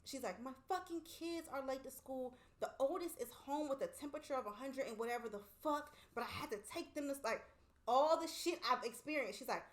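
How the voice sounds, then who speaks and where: High-pitched and brisk, this woman is a co-host on a laid-back podcast. Her storytelling is lively, full of profanity and performed quotes in casual conversation.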